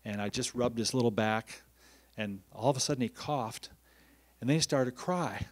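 A man who writes books, telling a story in a casual, lively way and acting out what other people said. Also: moderate pace. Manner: animated, acts out quoted voices with rising pitch; conversational, uses many "you know" fillers. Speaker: author telling stories.

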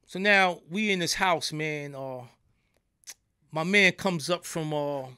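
A middle-aged man with a New York accent talks as a guest in a podcast studio. He tells his stories in loose street slang and keeps checking in with "you know what I'm saying". His voice sits a bit high, with a bright, forceful edge and a dry, close sound. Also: slow, smooth, no echo. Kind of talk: casual storytelling.

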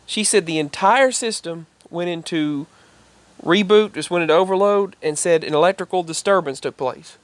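A man's voice: high-pitched, moderate pace, dry recording. A man telling a rambling personal story in casual vlog style. He repeats himself and raises his voice when he quotes other people. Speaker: vlogger.

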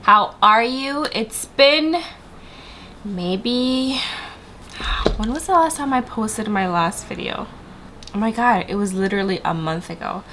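A woman's voice: medium pitch, takes it slowly, noisy background. A woman sounding stuffy and congested, chatting to viewers in a sit-down makeup review vlog. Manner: bubbly and chatty, addressing viewers directly. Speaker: beauty vlogger.

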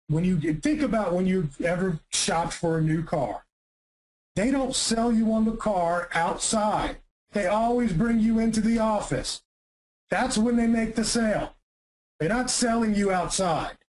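A man giving an energetic marketing presentation, emphatic and punchy, often asking rhetorical questions. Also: high voice, low-quality recording.

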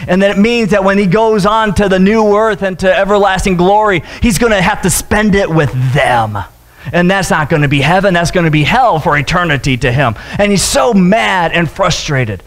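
High-voiced joking pastor preaching. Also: male voice, normal speed. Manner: jokey, animated retelling with acted-out voices. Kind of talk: humorous sermon storytelling. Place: church sanctuary.

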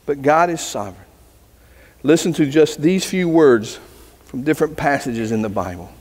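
Pastor with a fairly high voice, church reverb. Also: male voice, moderate pace, a little mellow. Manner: earnest, storytelling with voices. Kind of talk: sermon. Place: church sanctuary.

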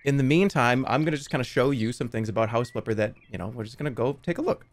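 A man's voice: medium pitch, quick pace. A man hosting a livestream game contest, chatting casually and jokily with plenty of swearing and laughter. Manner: jokey, profane, laughs often.

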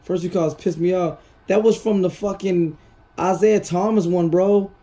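A man's voice: high voice, fairly even intonation, moderate pace, warm tone. A man hosting his own gaming channel, ranting and swearing in casual commentary. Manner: frustrated, ranting, swears a lot.

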